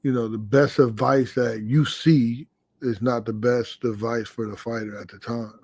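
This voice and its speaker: A boxing coach chatting casually on a podcast, telling animated stories and swearing freely. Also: male voice, medium pitch, unhurried, slightly rough, no echo.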